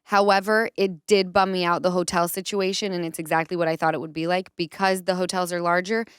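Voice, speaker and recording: Smooth-voiced woman podcast host. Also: lowish voice, fairly quick, no echo, clean studio sound. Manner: animated storytelling with acted quotes. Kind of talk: casual chat.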